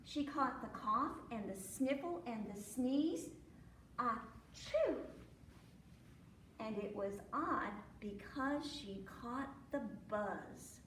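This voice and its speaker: A woman reads a picture book to children, lively and full of acted sneezes and animal noises. Her voice is high and her pace slow and deliberate. The mic sits some way off in an echoey library room, with a faint hum behind her. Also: far from the mic. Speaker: librarian reading at storytime. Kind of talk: children's storytime read-aloud.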